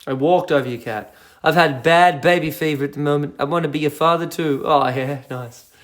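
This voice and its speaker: A man's voice: a little high, a little fast. A young man hosting a casual phone livestream, rambling playfully and reading out viewer comments. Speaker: livestream host.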